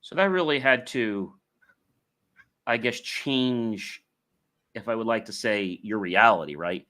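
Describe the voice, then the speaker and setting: A man's voice: lowish voice, slow, pushed and bright. A man hosting a podcast interview, asking questions and rambling as he searches for words. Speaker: podcast host.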